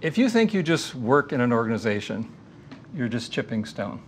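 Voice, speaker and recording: A man giving a faith-based lecture in an earnest, measured teaching manner, weaving in stories. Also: medium pitch, big pitch swings, slight background noise.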